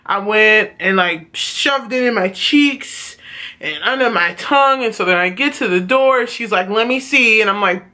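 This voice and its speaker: A woman vlogger telling a story from her childhood in a casual, profane, animated way. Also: medium pitch, moderate pace.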